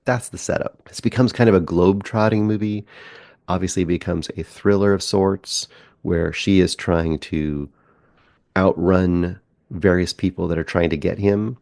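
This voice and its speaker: A man's voice: sits low, fairly even intonation, normal speed, creaky, darkish tone, dry recording, clean studio sound. A man on a film podcast casually recapping a movie plot in a rambling way, acting out bits of the characters' talk as he goes. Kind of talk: casual movie review chat.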